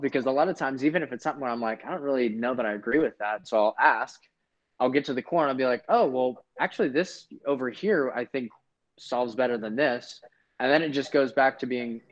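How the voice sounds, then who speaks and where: Man thinking aloud, muffled recording. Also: mid-range voice. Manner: thinking aloud, frequent restarts. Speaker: guest. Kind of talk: casual conversation. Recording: dull lo-fi sound.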